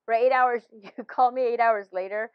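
A woman's voice: on the high side, fairly even intonation, normal speed, clear, resonant tone, no echo, dull audio. A woman in her fifties, a pastor, sharing a personal faith story in conversation with many restarts and laughs.

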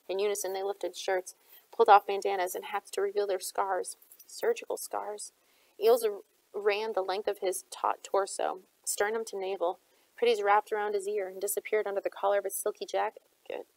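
A woman narrates a novel at an even storytelling clip, her voice showing some vocal fry at mid pitch. The recording is dry and close, with no room sound. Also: moderate pace, no room sound, rough recording. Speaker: audiobook reader. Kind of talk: reading a novel aloud.

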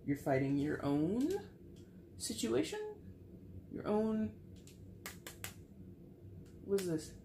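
In an echoey room with faint ambience and slight background noise, a frank tarot reader talks conversationally to camera at a slow, often-pausing pace. Her medium-pitched voice is mellow yet animated, and she sighs a lot and swears.

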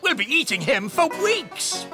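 A man's voice: very high-pitched, very animated, unhurried, over loud music, heavily acted. A man voicing a pompous, fussy fairy king in a children's cartoon. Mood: excited. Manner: pompous, exclamatory.

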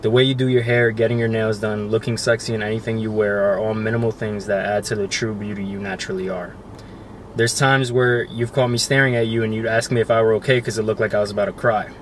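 A young man reading a heartfelt love letter aloud on a couple's vlog, soft and emotional, close to choking up. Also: fairly low pitch, little pitch movement, fast talker. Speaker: couple vlogger. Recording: faint background noise.

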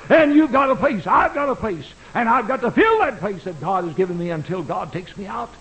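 Man, old-time pastor, fervent preaching, high voice, lively swings in pitch, old radio broadcast sound. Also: a little fast, low-quality recording. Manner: impassioned preaching with dramatic swings in pitch and volume. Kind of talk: fiery old-time sermon. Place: church sanctuary.

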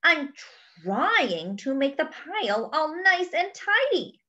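A woman's voice: high-pitched, very animated, a little slow, a bit bright, voice pushed up, heavily acted. A woman voicing a fussy, kindly male hippo in a storybook read-aloud, earnest and a little huffy. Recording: dull lo-fi recording.

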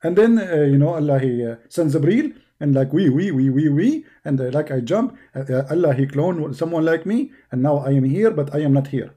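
Man, middle-aged, sarcastic taunting monologue, slightly high voice, warm tone. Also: animated, brisk, hardly any pauses. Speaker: online debater. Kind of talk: mocking stream monologue.

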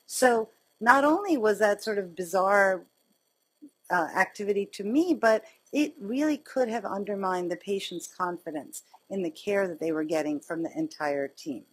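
A woman surgeon giving a lecture, telling personal stories in a conversational, animated way. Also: mid-range voice, normal speed, slightly rough, rough recording. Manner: conversational, animated storytelling with laughs. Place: lecture hall.

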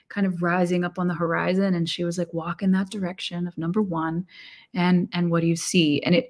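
A middle-aged woman, a guest author and musician, telling stories animatedly, acting out her own thoughts and sometimes dropping to a near whisper. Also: lowish voice. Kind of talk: casual interview storytelling.

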